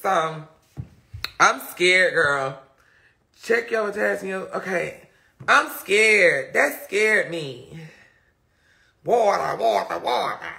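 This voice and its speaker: A sassy male livestreamer with a high, bright, gravelly voice chats casually with his viewers. He tells animated, dramatic stories full of slang and laughter, drawing out words and leaving long pauses as he speaks straight to his audience.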